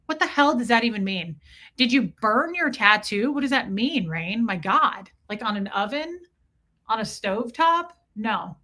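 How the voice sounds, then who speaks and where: A woman's voice: a little high, normal speed. A middle-aged woman chatting candidly on her live stream, answering viewer comments and swearing freely as she talks about her ex. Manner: candid and animated, swears, mocks a condescending ex in quoted voices.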